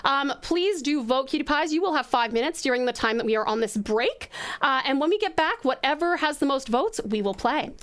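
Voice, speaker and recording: A woman's voice: sits high, expressive, fairly quick, a bit bright. A woman from Tasmania hosting a casual live stream, chatty and affectionate with her viewers. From Tasmania, Australia.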